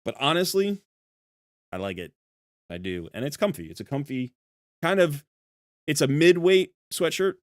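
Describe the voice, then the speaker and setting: A man's voice: fairly high pitch, big pitch swings, moderate pace, pauses often, no echo, clean studio sound. A man streaming live, chatting casually with his viewers in a rambling way, with many restarts and fillers. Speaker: streamer talking to chat.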